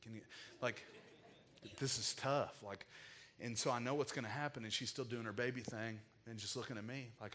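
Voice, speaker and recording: A man's voice: medium pitch, fairly even intonation, normal speed, a bit bright, a little hiss or hum. A man preaching a sermon, telling a heartfelt personal story in an emotional, casual way with frequent filler words. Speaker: pastor.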